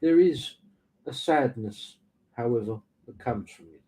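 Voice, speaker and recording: A man hosting a live tarot reading stream, giving measured, slow pronouncements with dry teasing asides. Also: mid-range voice, animated, mellow, husky, rough recording. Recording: music playing underneath.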